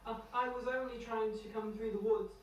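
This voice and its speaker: A man voicing a nervous young boy with a high, stammering, defensive voice, in an echoey room heard from far off. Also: fairly even intonation, brisk, dull audio, a little hiss or hum.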